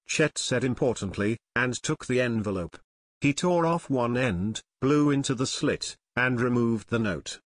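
A man narrating an unabridged audiobook in a steady storytelling manner. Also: mid-range voice, a little slow, dry recording. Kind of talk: scripted narration.

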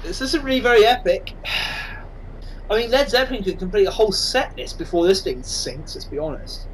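A man casually commentating on his own game, excitable and self-mocking. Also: high-pitched, brisk, a little hiss or hum, rough recording. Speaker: gaming channel host.

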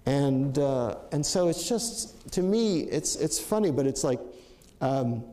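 A man's voice: mid-range voice, lively intonation, slow pace, warm tone, echoey room. An older man giving a talk, telling a story in a reflective, anecdotal way with fillers and restarts. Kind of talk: storytelling lecture.

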